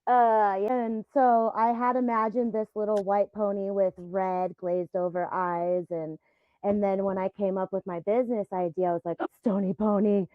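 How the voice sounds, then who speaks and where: Animated woman on a tinny phone line. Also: medium pitch, moderate pace, no echo. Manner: animated storyteller who laughs often. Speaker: guest, event business founder. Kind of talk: casual podcast conversation.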